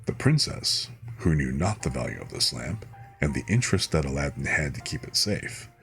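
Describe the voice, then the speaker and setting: A man calmly reading a fairy tale aloud as a bedtime story, unhurried, with small slips he corrects. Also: a bass voice, vocal fry, faint music behind. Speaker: streamer reading fairy tales.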